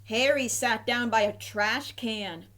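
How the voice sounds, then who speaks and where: A woman reading a children's picture book aloud in a gentle, clear narrating voice. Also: fairly high pitch, slow. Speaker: storybook reader.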